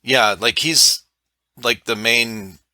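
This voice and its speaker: A man hosting a podcast in casual chat, laid-back and quick with short reactions, calling his guest dude and bro. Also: medium pitch, fairly even intonation, sharp tone, no room sound. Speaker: podcast host.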